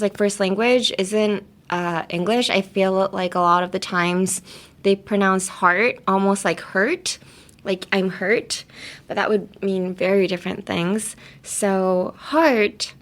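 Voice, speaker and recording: A woman at a middle pitch coaches listeners through English pronunciation in a relaxed podcast chat. She giggles often and slips between English and Japanese as she explains sounds. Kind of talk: casual podcast lesson. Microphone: talking into a camera.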